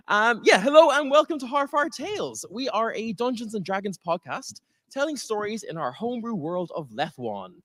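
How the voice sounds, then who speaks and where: Man, Irish accent, high voice, very animated pitch, dungeon master, live stage show, convention auditorium. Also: moderate pace, hardly any pauses. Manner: animated, laughing often, playful with the crowd. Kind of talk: live tabletop game podcast on stage.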